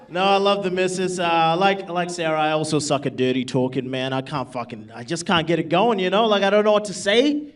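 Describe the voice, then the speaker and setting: Male comic, high voice, crude and brash, heard from across a club over a loud crowd. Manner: brash, crude, laughing at his own jokes. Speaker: stand-up comedian. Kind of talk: stand-up comedy set. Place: live comedy club. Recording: distant stage mic, loud crowd. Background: audience laughter.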